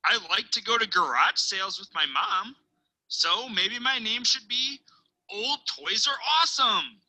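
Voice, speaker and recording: A woman teacher reading a picture book aloud, telling it expressively with dramatic pauses and hushed asides. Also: mid-range voice, animated, poor audio.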